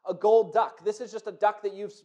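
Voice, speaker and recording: A man's voice: high-pitched, steady tone, a little fast, darkish tone, highs cut off, lightly acted. A man voicing a skeptical, irritated queen in a told story, speaking scornfully.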